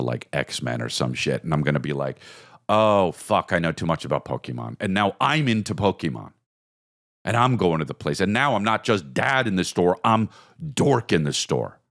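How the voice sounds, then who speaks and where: A man, telling a rambling comedic story on his podcast. His voice is very deep, yet it leaps around with big, lively jumps. He swears freely, keeps calling the listener "dude," and breaks into high-pitched bursts as he acts out bits of the story, all recorded close and dry. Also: no echo. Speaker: podcast host. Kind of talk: casual comedic monologue.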